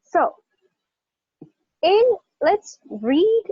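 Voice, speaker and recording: A woman's voice: very high voice, very animated, very slow, a little mellow, no room sound, highs cut off. A woman teaching English pronunciation in a classroom lesson, speaking emphatically and checking in with her listeners often.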